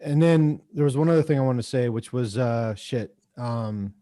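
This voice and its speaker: Comedian guy rambling on a livestream, dark mellow voice, swears a lot, dry close sound. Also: mid-range voice, normal speed, dry recording. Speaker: comedian, roast honoree. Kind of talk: casual livestream chat.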